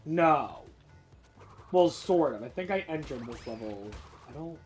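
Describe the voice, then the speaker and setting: A man's voice: fairly high pitch, expressive, a little slow, darkish tone, soft background music. A man racing in a live game stream, thinking aloud in an anxious, rambling way. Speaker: speedrunner competing in a bingo race. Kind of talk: live gameplay chatter.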